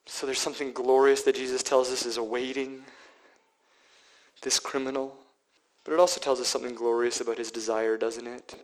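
A male pastor preaching a sermon, dropping to hushed whispers and then building to loud, emphatic passages. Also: mid-range voice, little pitch movement, brisk, poor audio.

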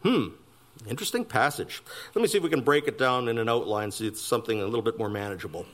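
A man's voice: animated, fast talker, fairly bright tone. A man preaching a sermon, emphatic with wry asides. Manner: emphatic preaching with wide swings of pitch and pace, wry asides. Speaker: pastor.

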